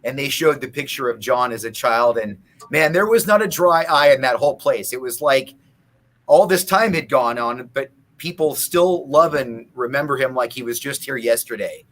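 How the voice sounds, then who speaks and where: A man's voice: medium pitch, animated, moderate pace, a bit bright. Rambling man telling a story. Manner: rambling storyteller with many restarts. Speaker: guest musician. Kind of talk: casual interview chat.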